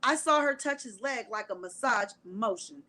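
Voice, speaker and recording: A woman's voice: a little high, animated, normal speed, sharp tone. A woman reading court testimony aloud on camera and commenting on it to her viewers in a casual, chatty way. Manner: breaks into laughter while reading, talks to viewers as y'all; prays aloud for composure. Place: at home, alone on camera.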